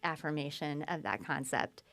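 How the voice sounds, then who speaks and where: A woman guest telling her story in conversation, lively and acting out quoted speech. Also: low voice, normal speed. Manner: animated, acts out quoted speech.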